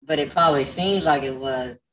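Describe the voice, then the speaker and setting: A man's voice: fairly high pitch, normal speed, fairly bright tone, recorded from a distance, a little hiss or hum, poor audio. A man hosting a casual podcast, joking and teasing, often restarting his sentences. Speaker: podcast host.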